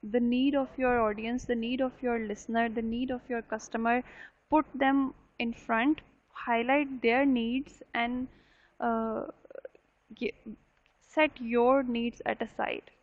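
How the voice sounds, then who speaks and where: A woman's voice: on the high side, fairly even intonation, takes it slowly. A woman teaching a live online English class, explaining points, repeating them and often checking with "right?". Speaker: university English lecturer. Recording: dull lo-fi online session audio.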